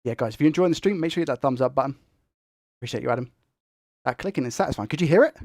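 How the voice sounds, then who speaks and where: A young man who talks fast and excitably while hosting a tech live stream and reading viewer comments. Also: medium pitch, dry recording, clean studio sound. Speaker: tech livestream host.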